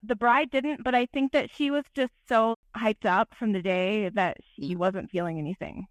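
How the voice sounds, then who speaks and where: A woman photographer, a podcast guest, telling an animated, self-deprecating story in casual interview talk. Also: mid-range voice, normal speed, dry recording.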